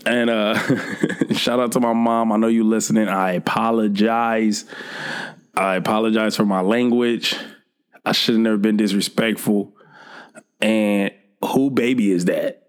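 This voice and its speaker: A man's voice: lowish voice, fairly even intonation, a little slow, smooth. A young man hosting a podcast, telling a funny weekend story in a laid-back, casual way, swearing often and laughing a lot. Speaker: podcast host.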